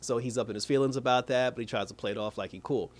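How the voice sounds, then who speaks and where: A man's voice: mid-range voice, fairly even intonation, rapid-fire. A man giving a casual, rambling spoiler review, laughing often and acting out characters' lines.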